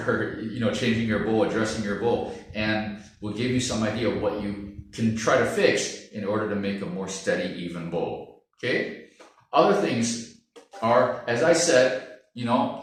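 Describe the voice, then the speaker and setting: A man teaching strings, talking casually and checking in with his listeners as he explains. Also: medium pitch. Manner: relaxed, chatty, checks in with "okay?" and "yeah?". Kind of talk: casual instructional talk to camera. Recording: very echoey room, mic at a distance.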